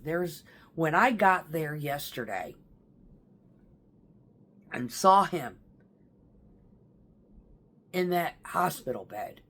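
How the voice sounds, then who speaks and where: A woman's voice: low-pitched, animated, very slow, pauses often, husky. A woman talking casually to camera about her stepfather's last days, rambling and emotional, with casual swearing. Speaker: vlogger. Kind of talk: casual personal storytelling.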